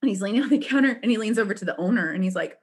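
A woman telling a story in casual chat, animated and laughing often, with frequent restarts. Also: mid-range voice, rapid-fire.

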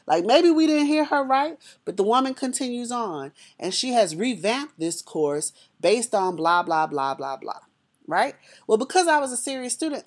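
A woman telling a personal story to an audience in a lively, conversational way, often speaking directly to her listeners. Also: medium pitch.

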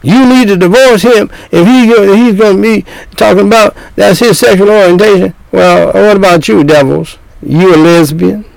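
A man's voice: sits high, moderate pace, gravelly, hardly any pauses, no room sound, poor audio. An older man preaching a sermon, scolding his listeners with repeated points and rhetorical questions.

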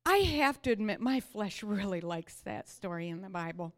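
A woman preaching a sermon, telling stories with energy and then sinking to soft whispers. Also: mid-range voice, moderate pace, hardly any pauses. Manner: animated storytelling that sinks to soft whispers.

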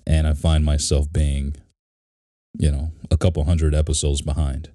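A man's voice: very deep voice, little pitch movement, moderate pace, warm tone, dry recording, studio quality. A man co-hosting a podcast, chatting casually in a rambling, talkative way. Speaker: podcast co-host. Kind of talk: casual chat.

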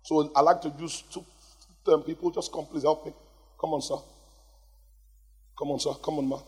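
A man preaching a lively sermon in a church hall, calling out to the congregation for responses. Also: fairly high pitch, moderate pace, breathy edge. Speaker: pastor. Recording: long hall reverb.

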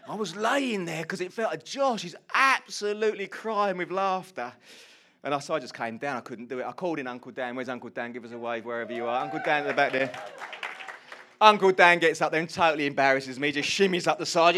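Animated man preaching. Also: on the high side, a little fast. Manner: animated storyteller, shouts quoted lines. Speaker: pastor. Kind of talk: sermon with personal story. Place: church hall before a congregation.

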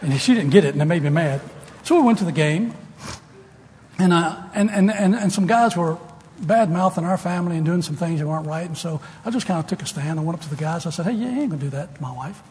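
An older man preaching a sermon to students, folksy and storytelling, rising now and then to loud emphasis. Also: on the high side, fairly quick. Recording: long hall reverb, faint room noise.

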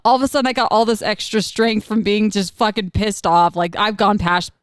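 A woman's voice: mid-range voice, fairly even intonation, fairly quick, clean tone, no echo, studio quality. A woman in her thirties, a mom telling a chaotic travel story in casual chat, swearing freely and laughing as she goes.

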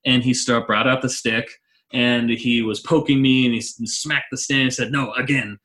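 A man who teaches, a guest in an interview, telling a story in a lively way, laughing often and acting out quotes. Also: medium pitch, moderate pace.

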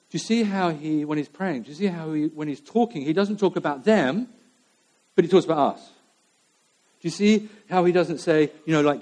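A man delivers a sermon to his congregation in a loose, conversational way, circling back to repeat key phrases. His voice sits a little high yet sounds mellow and relaxed. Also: normal speed. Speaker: preacher.

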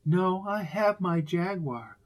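A man reading an audiobook, voicing a grieving older society woman who speaks in a shaky, halting way. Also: sits high, expressive, pitched above the performer's own voice. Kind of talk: audiobook character voice.

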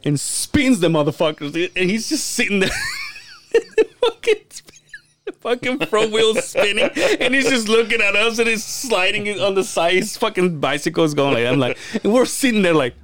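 A man co-hosting a podcast, telling stories in an animated, profane way and laughing often. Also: sits high, fairly quick. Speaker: podcast co-host. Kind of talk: casual storytelling chat.

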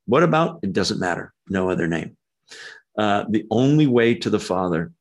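A man preaching a conversational verse-by-verse sermon, animated and jumping his pitch up when he acts out quoted lines, with frequent ums. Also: normal speed. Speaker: pastor. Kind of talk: expository sermon.

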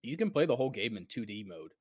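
A man's voice: mid-range voice, big pitch swings, fast, darkish tone, no echo. A man co-hosting a casual gaming podcast, rambling and acting out his own past reactions as he tells a story. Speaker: podcast co-host.

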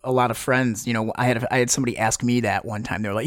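A man telling a personal story in a casual chat, rambling with many fillers, restarts and quick laughs. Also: mid-range voice, steady tone, no room sound, clean studio sound. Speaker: guest.

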